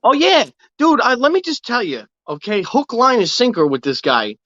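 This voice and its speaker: A man's voice: extremely high pitch, wildly swooping pitch, moderate pace, sharp tone, dry recording. A man, co-hosting a podcast and telling stories in brash, profane banter. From New York City. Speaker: podcast co-host. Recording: dull lo-fi dry sound.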